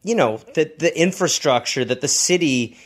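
A man's voice: a little high, animated, normal speed. A man co-hosting a comedy podcast in casual chat, rambling with many restarts and free swearing, on a close mic.

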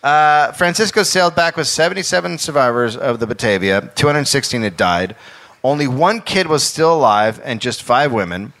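A man hosting a comedy history podcast, telling a story on stage with frequent laughs and jumpy, animated delivery. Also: normal speed. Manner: laughing, animated, swings pitch for quoted voices. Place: live stage before an audience.

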